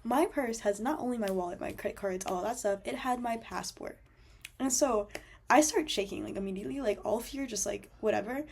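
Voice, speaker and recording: A woman's voice: on the high side, brisk, creaky, a little mellow, a little hiss or hum. A young woman telling a travel story as a voice-over, chatty and full of fillers. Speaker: travel vlogger.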